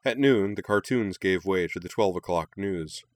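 A man narrating a story aloud in a steady, unhurried way. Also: low-pitched, dry recording. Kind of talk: storybook reading.

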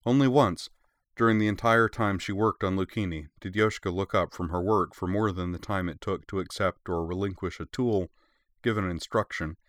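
Male storyteller with a very low voice, measured and steady, dry close sound. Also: no echo. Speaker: audiobook narrator. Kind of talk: scripted narration.

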